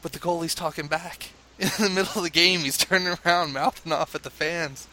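A man from the United States, a father, telling a lively anecdote in casual conversation, laughing often and mimicking chanting crowds. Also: a little high, a little fast, a little hiss or hum.

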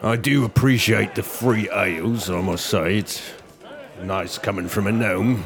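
A man playing his character in a tabletop game, with dry, deadpan remarks. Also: lowish voice, measured pace, creaky. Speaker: player.

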